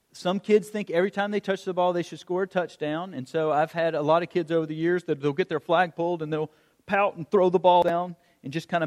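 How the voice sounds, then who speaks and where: A middle-aged man preaching a sermon, telling stories in an animated way and acting out the calls of a coach. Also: high voice. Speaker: pastor. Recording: long hall reverb.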